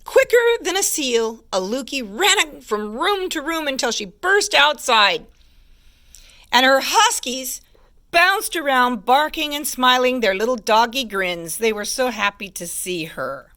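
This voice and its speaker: Expressive teacher reading a storybook, woman, slow and bright. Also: high-pitched. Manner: expressive, hushed asides about pictures. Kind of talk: storybook read-aloud.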